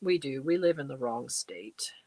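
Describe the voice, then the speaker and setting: A woman's voice: very deep voice, lively intonation, moderate pace, warm tone, no room sound. A middle-aged woman hosting a casual livestream, chatting away and reading out and answering viewer comments. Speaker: livestream host. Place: home crafting space.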